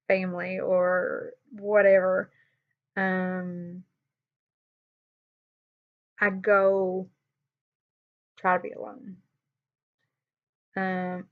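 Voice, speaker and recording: A woman speaks candidly to the camera in a personal vlog, her talk full of fillers, restarts and sighs. Her voice sits at an ordinary middle pitch. The recording sounds a little dull and lo-fi. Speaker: vlogger.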